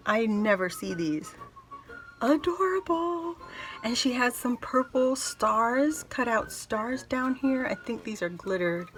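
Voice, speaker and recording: A woman craft vlogger opening happy mail, gushing and excitable as she chats casually. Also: on the high side, poor audio. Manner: gushing, excitable, squeals often. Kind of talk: casual unboxing chat.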